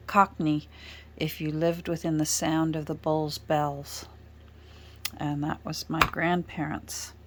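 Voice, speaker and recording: A woman chatting casually as she works in her craft studio, rambling gently with many fillers. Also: low-pitched, slight background noise. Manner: chatty, rambling, soft-spoken with frequent fillers. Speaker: junk journal crafter. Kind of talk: casual chat while crafting.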